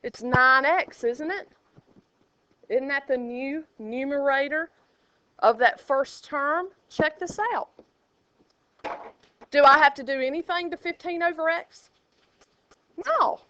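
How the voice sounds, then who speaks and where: A woman's voice: high voice, measured pace, long pauses, sharp tone, no echo. A woman teaching a math class, chatty and playful with sing-song asides. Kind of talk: classroom lecture. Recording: dull lo-fi classroom recording.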